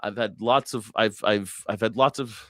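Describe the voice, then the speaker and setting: A man's voice: on the low side, normal speed, a bit bright, no echo, studio quality. A man hosting a news reaction show, giving blunt, profane, mocking commentary. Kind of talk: casual commentary.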